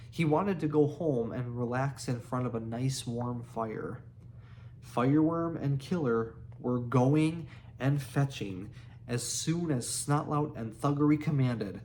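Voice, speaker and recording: A man's voice: mid-range voice, darkish tone, a little hiss or hum. A man reading a children's book aloud, laughing now and then and restarting words. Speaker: reader.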